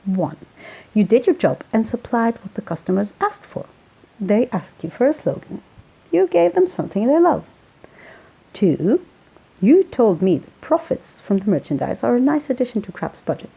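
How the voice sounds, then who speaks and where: A woman voicing a gentle, wry man with an Essex accent who teases and soothes a friend. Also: a little high, sing-song, moderate pace, vocal fry, husky, full character voice, poor audio. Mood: soothing. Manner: soothing, teasing.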